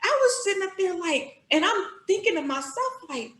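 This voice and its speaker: Bright-voiced woman telling an animated story. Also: moderate pace, roomy sound, poor audio. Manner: animated storytelling, acting out her own thoughts in higher voice. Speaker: guest. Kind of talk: storytelling in a podcast interview.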